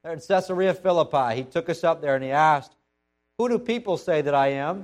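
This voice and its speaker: A humbled apostle Peter , played by a man preaching, speaking in a low, hushed voice. He sounds soft and subdued, with the quiet weight of a man who has been brought low. The voice sits a little higher than most men's. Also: expressive, fairly quick, soft background music, natural voice. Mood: earnest.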